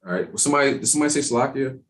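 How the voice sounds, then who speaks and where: A man teaching an evening Bible class in a casual, streetwise way, talking in animated asides. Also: medium pitch, racing.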